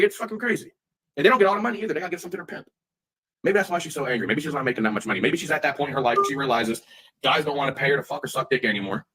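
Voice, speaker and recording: A man's voice: fairly high pitch, fairly bright tone, husky, rough recording. A man streaming live, ranting heatedly in profane language and often repeating himself.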